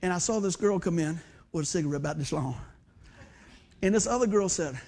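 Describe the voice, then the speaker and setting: A man. He spins funny stories from his own life, acting out the people in them and laughing along. His delivery is loose and animated. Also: high voice, brisk, long pauses. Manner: animated, acts out quoted voices, laughs often. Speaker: pastor. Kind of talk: storytelling sermon.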